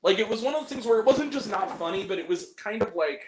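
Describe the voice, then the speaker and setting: A man co-hosting a casual podcast chat about movies, animated, swearing freely and breaking into laughter and exaggerated reactions. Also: a little high, fast, few pauses, roomy sound, poor audio. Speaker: podcast co-host.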